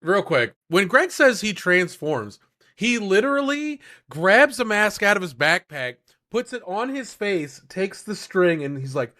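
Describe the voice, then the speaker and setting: Excitable bright-voiced male podcast co-host. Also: sits high, a little slow. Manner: excitable, profane, jumps in with commentary. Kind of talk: casual banter.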